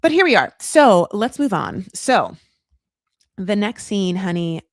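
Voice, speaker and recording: A woman hosting a casual reality TV recap, talking in sassy, animated bursts and swearing freely. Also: medium pitch, takes it slowly, no echo, studio quality.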